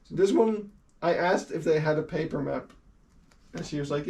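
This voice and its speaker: A man's voice: a little high, a little fast, gravelly, darkish tone. A young man, a native Dutch speaker, chatting casually and laughing often as he streams from home while sorting a collection. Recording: distant mic with faint hiss.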